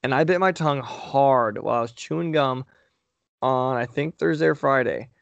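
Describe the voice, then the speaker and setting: A man's voice: medium pitch, normal speed, gravelly, dry recording, lo-fi sound. A man co-hosting a podcast, telling stories in a profane, emphatic way during casual banter. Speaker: podcast co-host.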